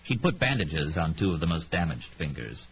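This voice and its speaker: On a slightly muffled recording with faint hiss, a man with a rumbling low voice reads an audiobook at a moderate pace. His reading is expressive, and he voices every character.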